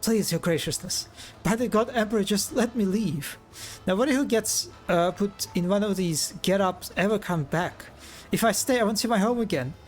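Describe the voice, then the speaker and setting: A man voicing a frightened lowborn laundry woman who pleads and stammers, reading game dialogue aloud on a live stream. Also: normal speed, soft background music, close to an everyday voice. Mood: pleading.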